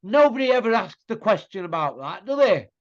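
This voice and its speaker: A man's voice: high-pitched, big pitch swings, a little fast. A middle-aged man, hosting a casual boxing chat, blunt and mocking, full of rhetorical tag questions. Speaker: boxing pundit host. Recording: muffled lo-fi audio.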